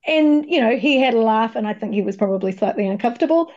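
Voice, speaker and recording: A woman with a New Zealand accent talks candidly and expressively as a podcast guest over a video call, casually dropping the odd swear word. Her voice is mellow and relaxed. The call audio sounds a little dull and lo-fi. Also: a little high, quick pace. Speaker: guest, coach and facilitator.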